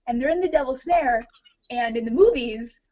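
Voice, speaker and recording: A woman's voice: a little high, normal speed, heavy background noise. A woman co-hosting a podcast, talking casually and rambling with many fillers. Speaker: podcast co-host. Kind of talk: casual discussion. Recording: dull lo-fi audio.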